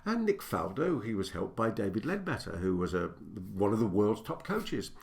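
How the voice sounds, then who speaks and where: A man's voice: fairly low pitch, sing-song, moderate pace, gravelly. An older man, a business coach, giving a direct-to-camera teaching talk, stressing his points and building them in repeated lists.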